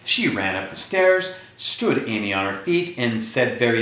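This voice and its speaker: A man reading a picture book aloud to children, speaking to them directly in an animated way. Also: medium pitch, moderate pace, few pauses, slight background noise. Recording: echoey room.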